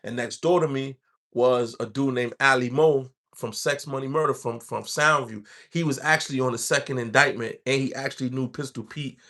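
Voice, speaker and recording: A man's voice: medium pitch, steady tone, moderate pace, a bit bright. A man from the Bronx with a New York accent, telling a rambling street story in casual talk. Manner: streetwise, rambling, acts out quoted voices.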